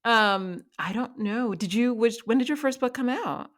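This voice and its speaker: A woman's voice: a little high, moderate pace, a bit bright. A woman hosting a podcast, chatting casually with many fillers and frequent laughs. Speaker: podcast host. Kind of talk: casual interview chat.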